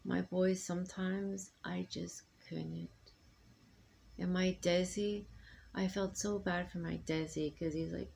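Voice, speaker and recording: A middle-aged woman speaking to her sons in a rambling, halting personal monologue full of ums and restarts. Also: on the low side, level tone, vocal fry, darkish tone, a little hiss or hum. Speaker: mother addressing her sons.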